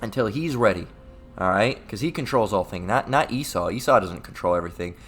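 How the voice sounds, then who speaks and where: A man giving a casual livestream Bible lesson. He rambles, repeats words and keeps adding "all right?", and he reads scripture aloud slowly and deliberately. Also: lowish voice, animated, breathy edge, soft background music. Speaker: online scripture teacher.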